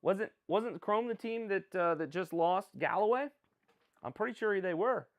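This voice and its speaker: Here the man's pitch is high, with animated intonation and a moderate pace. Running a casual live stream, he reacts to picks while he rambles, pokes fun at himself, and responds to viewers.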